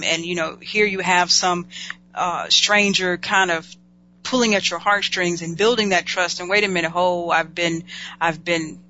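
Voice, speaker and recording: A host with a bright, forward voice asks reflective, measured questions and keeps up a steady stream of listening sounds. The recording is dull and lo-fi. A faint hum runs underneath it. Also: mid-range voice. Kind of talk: casual talk show conversation.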